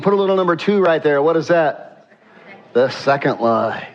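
A man's voice: on the high side, lively intonation, normal speed. A man preaching a sermon in a conversational way, asking the congregation questions and acting out the text. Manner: conversational, asks the congregation questions, acts out quotes. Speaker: pastor. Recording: dull lo-fi sound.

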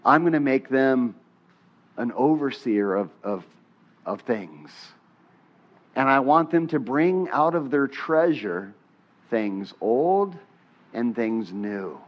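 A man preaching a sermon as pastor, talking with the congregation and having them say lines back to him, his voice rising on questions and dropping soft on prayers. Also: medium pitch, lively intonation, slow pace, pauses often. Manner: conversational, asks the congregation to repeat lines. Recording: dull muffled sermon recording.

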